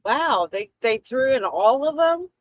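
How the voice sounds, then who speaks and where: A woman's voice: high voice, lively intonation, a little slow, muffled recording, a little hiss or hum. A woman co-hosting a podcast, skeptical and challenging, often laughing. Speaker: podcast co-host. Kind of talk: casual reaction chat.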